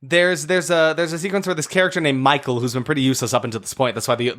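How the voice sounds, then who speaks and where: Male co-host, wry rambling recapper, slightly higher voice. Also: fairly even intonation, very fast, fairly bright tone. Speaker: podcast co-host. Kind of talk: casual movie review chat.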